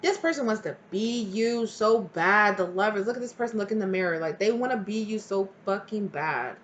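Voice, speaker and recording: A woman's voice: mid-range voice, moderate pace, highs cut off, slight background noise. A woman giving a casual tarot reading to her viewers, chatty and blunt, swearing freely and rambling as she goes. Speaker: tarot reader.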